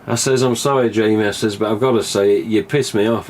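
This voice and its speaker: This live-stream host from England has a lowish, a little mellow voice with fairly even intonation and a brisk pace, heard against slight background noise. He chats in a meandering, casual way, swears easily, and acts out remembered dialogue.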